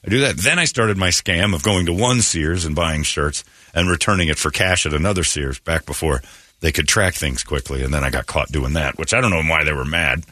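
A man hosting a morning radio show, telling self-mocking stories in casual chat and acting out quotes loudly. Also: a bass voice, a little fast, no room sound, studio quality. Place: radio studio. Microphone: studio microphone.

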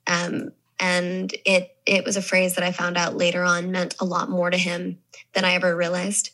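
A woman's voice: on the low side, completely flat delivery, normal speed, fairly bright tone, low-quality recording. A young adult woman from the American South, chatting thoughtfully as an actress interviewee, with many restarts and fillers. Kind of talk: casual interview chat.

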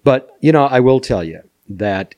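An older man, a former music manager and podcast guest, telling animated stories with frequent laughter. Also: medium pitch, unhurried. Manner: animated, laughs often, acts out voices. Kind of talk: anecdotal storytelling.

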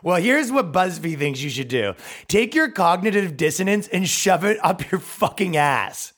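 Male comedy podcast host, mocking and profane, slightly high voice. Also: sing-song, moderate pace, a bit bright. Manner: mocking, sarcastic, swears freely. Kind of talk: sarcastic comedic rant.

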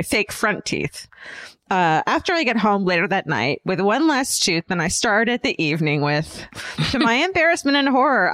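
A woman's voice: mid-range voice, a bit bright, dry recording. A woman co-hosting a comedy podcast, reading a listener's email aloud with jokey asides. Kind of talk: casual comedic podcast chat.

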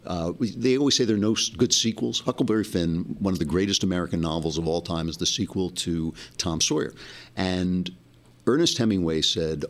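Low-voiced man hosting an impassioned monologue. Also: expressive, a little fast. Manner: impassioned, with frequent restarts. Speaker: host. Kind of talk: monologue commentary.

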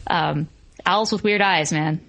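A woman co-hosting a podcast, thinking out loud and asking her friends questions in casual chat. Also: on the low side, slow pace. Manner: chatty, thinks aloud and asks the others questions. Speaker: podcast co-host. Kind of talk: casual chat about an animated film.

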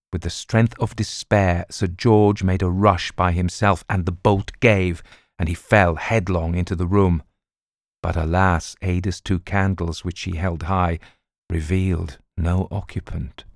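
A man narrating a classic novel as an audiobook in a measured, dramatic style. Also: low voice, vocal fry, no room sound, studio quality.

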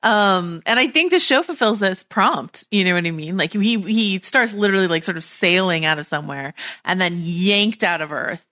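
A woman's voice: mid-range voice, moderate pace, few pauses, pushed and bright, no echo, studio quality. A woman hosting a casual podcast conversation, enthusiastic, searching for words with many likes and ums.

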